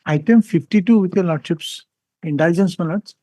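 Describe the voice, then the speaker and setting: Advocate, Indian English accent, high pitch, polite and pleading, dry close sound. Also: male voice, normal speed, mellow, dry recording. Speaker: lawyer. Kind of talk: courtroom mentioning of cases.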